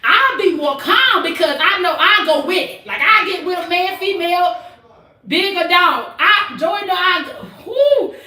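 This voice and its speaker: Outspoken middle-aged woman, bright high voice, echoey room, distant mic. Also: lively intonation, unhurried. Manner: outspoken, loud and blunt, laughs often. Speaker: host. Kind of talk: casual family chat.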